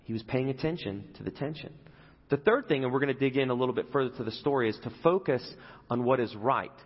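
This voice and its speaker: A man's voice: medium pitch, quick pace, breathy edge. A man preaching a sermon in a conversational way, often putting questions to his listeners. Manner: conversational, asks the audience questions. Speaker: pastor. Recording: echoey hall, dull lo-fi.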